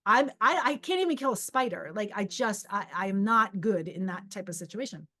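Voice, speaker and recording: A woman's voice: mid-range voice, lively intonation, a little fast, bright, forceful tone. A middle-aged woman who hosts a podcast as a psychic medium, telling a personal story in a casual, rambling way. She restarts sentences often and acts out her own inner voice.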